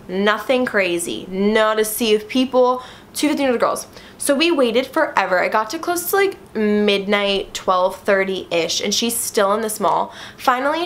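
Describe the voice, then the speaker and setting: A young woman chatting casually to her viewers, full of "like" fillers and animated retellings. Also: fairly high pitch. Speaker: vlogger. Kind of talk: casual storytime chat to camera.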